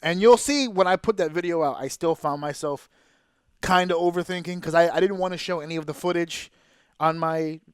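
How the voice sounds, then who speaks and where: High-voiced swearing podcast host. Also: male voice, fairly quick, smooth, no echo, studio quality. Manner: excitable, swears freely, laughs often. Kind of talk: casual chat.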